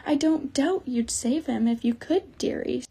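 A woman voicing a kindly, motherly female beaver in an audiobook, gentle and sympathetic. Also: high-pitched, unhurried, creaky, slightly rough, heavily acted. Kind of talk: audiobook character reading.

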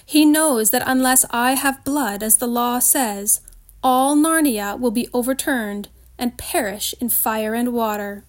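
A woman's voice: sits high, lively intonation, unhurried, darkish tone. A woman reading aloud, voicing a cruel witch queen in an icy, demanding, scornful way. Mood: menacing.

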